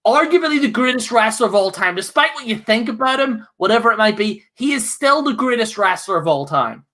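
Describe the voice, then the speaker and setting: A man's voice: extremely high pitch, lively intonation, brisk, pushed and bright. A man co-hosting a podcast, ranting with fiery, profane outbursts broken up by laughter. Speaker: co-host. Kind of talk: heated podcast rant.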